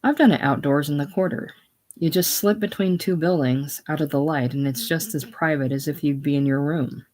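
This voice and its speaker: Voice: mid-range voice, normal speed, a little mellow, lightly acted. A reader voicing pushy sailor Bruno. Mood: coaxing. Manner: blunt, offhand. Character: crude, pushy young male sailor. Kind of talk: casual play reading.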